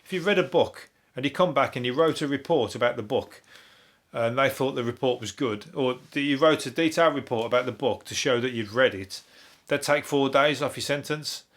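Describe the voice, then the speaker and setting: Speaking fairly quickly in a medium-pitched, fairly bright voice, a Birmingham-accented Englishman hosts a comedic podcast reviewing the news. This comedian wanders through the stories, cursing nonstop and cracking himself up.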